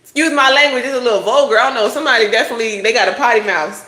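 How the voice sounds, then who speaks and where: A woman's voice: on the high side, rapid-fire, sharp tone, roomy sound. A woman doing a casual tarot reading, talking bluntly with lots of swearing and preachy advice. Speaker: tarot reader.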